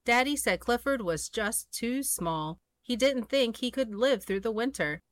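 A woman reading a children's storybook aloud in a gentle, expressive way, recorded close and dry. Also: fairly high pitch, measured pace, no echo. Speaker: storybook reader.

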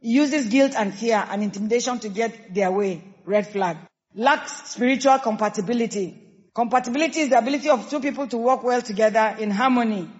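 A woman pastor with a Nigerian accent preaching a sermon, emphatic and lively, acting out quoted people. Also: a little high, fairly quick. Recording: dull sound with long hall reverb.

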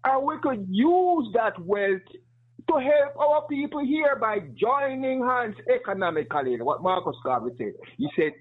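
A man with a high, husky voice calls in over the phone and makes his point with passion and emphasis. His voice comes through a tinny phone line. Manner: impassioned, emphatic, conversational. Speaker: caller. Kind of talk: call-in question to a talk show.

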